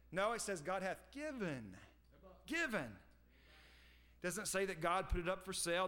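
High, bright-voiced man preaching emphatically. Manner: emphatic preaching with repeated phrases. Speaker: pastor. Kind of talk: sermon.

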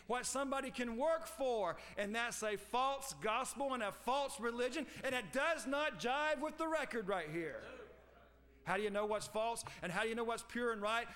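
A man's voice: high-pitched, pushed and bright. A male pastor delivering a sermon, emphatic and repetitive, reading scripture aloud and driving his points home. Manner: emphatic preaching with repeated phrases.

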